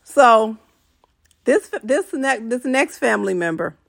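A woman's voice: on the high side, expressive, slow pace, creaky, dry recording, studio quality. A woman hosting a venting show, giving a blunt, preachy, casual encouraging monologue that swears freely.

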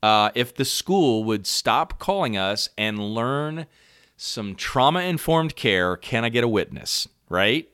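A man's voice: medium pitch, animated, slow pace, a bit bright, smooth, no echo, clean studio sound. A middle-aged man, a parent coach hosting a podcast, talking earnestly and conversationally to caregivers and often checking in with "right?". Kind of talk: encouraging podcast talk to caregivers.

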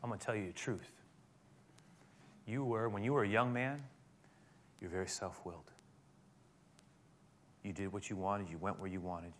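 A man speaking as a gentle spiritual teacher, in a soft, measured and earnest voice. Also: lowish voice, steady tone, slight background noise, voice pushed down, close to an everyday voice. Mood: solemn tender.

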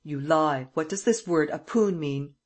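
A brisk, mocking gentleman burglar who gives the orders and teases his captive , as a reader puts him on. His voice is husky and sits at a middling pitch. Audiobook reading. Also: lightly acted. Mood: menacing. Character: cocky gentleman burglar, adult man.

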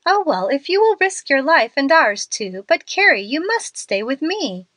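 A woman's voice: high voice, big pitch swings, moderate pace, a bit bright, no echo, voice pushed up. A woman voicing a timid, panicky young woman who talks in a fretful, pleading way. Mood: frightened.

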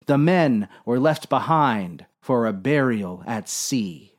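Casting: deadpan male narrator, slow, lively pitch. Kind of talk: deadpan comic story reading.

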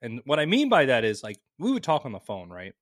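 A man co-hosting a podcast in casual chat, excitable and cursing freely, his pitch jumping when he gets worked up. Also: fairly quick, dry recording, clean studio sound. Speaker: podcast co-host.

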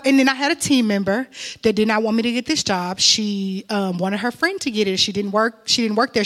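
Animated young woman giving a church testimony. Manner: animated, emotional storytelling with sudden high exclamations.

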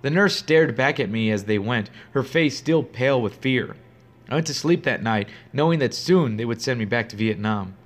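A man narrating a first-person horror story in a steady, grave, suspenseful way. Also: mid-range voice, normal speed.

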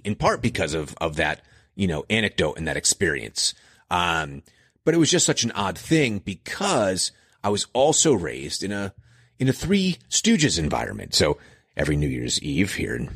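Low, husky-voiced man rambling nostalgically. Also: fairly bright tone, dry recording, clean studio sound. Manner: rambling, chuckling at his own slips. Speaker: podcast host. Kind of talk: casual nostalgic monologue.

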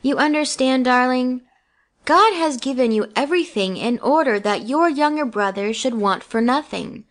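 A woman's voice: high voice, animated, normal speed. A tender queen mother, as a woman reads her. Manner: tender, reassuring. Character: gentle loving young queen mother.

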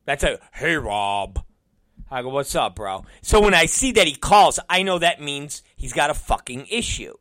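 A man's voice: on the high side, expressive, normal speed, few pauses, fairly bright tone, dry recording, clean studio sound. A middle-aged man hosting a podcast, telling an exasperated story in a profane, casual rant. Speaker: podcast host and wrestling promoter.

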